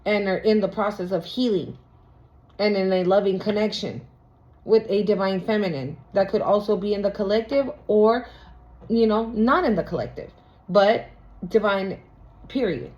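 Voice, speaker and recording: A woman's voice: medium pitch, normal speed, darkish tone. A woman doing a casual tarot reading, talking bluntly with slang and profanity. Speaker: tarot reader. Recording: lo-fi recording.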